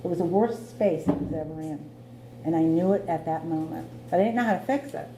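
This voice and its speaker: A middle-aged woman stands at a podium mic and tells her own recovery story with candour, laughing at herself as she goes. Her voice is mellow and warm. The meeting room has a clear echo and a faint hum behind it. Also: lowish voice, brisk. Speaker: AA meeting speaker. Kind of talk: personal recovery testimony.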